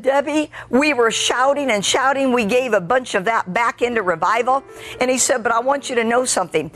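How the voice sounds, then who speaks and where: A woman preaching as a traveling revival evangelist, telling a testimony in a lively way, acting out quoted speech and speaking straight to the congregation. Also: a little high. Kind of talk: sermon testimony.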